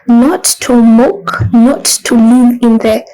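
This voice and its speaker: A woman's voice: fairly high pitch, fairly even intonation, takes it slowly, mellow, rough recording. A woman delivering an emotional spiritual monologue, speaking with passion, her voice breaking into tears at times and turning mocking when she voices harsh inner self-talk.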